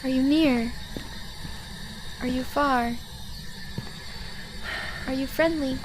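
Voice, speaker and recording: Woman streamer, high voice, giggly, teasing, noisy background. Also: fairly even intonation, takes it slowly. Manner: giggly, teasing, guides teammates. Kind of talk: casual gameplay chat.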